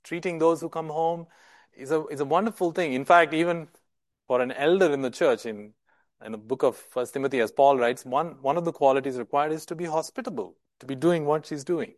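A man's voice: fairly high pitch, a little fast, dry recording. A male preacher giving a sermon in an emphatic way, often repeating words and asking rhetorical questions.

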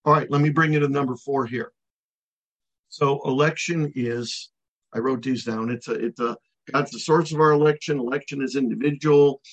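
Husky male preacher, dramatic emphasis. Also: medium pitch, steady tone, poor audio. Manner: emphatic, slows to stress key words, drops to near-silent on final words. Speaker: pastor. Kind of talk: expository sermon.

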